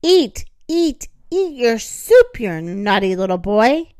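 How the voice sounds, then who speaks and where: A woman's voice: high voice, slow pace, no room sound, studio quality. A woman voicing a wicked bad fairy who nags and wheedles in a gloating way. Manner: nagging, wheedling.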